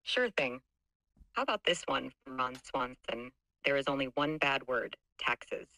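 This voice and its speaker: A synthetic woman's voice of an AI chat assistant, smooth, upbeat and conversational. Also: very deep voice, lively intonation, measured pace, sharp tone, poor audio. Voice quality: smooth, upbeat text-to-speech voice.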